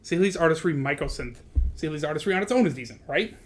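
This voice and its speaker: A man hosting a card game stream in casual chat, excitable, laughing often and swearing. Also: a little high, rapid-fire, soft background music.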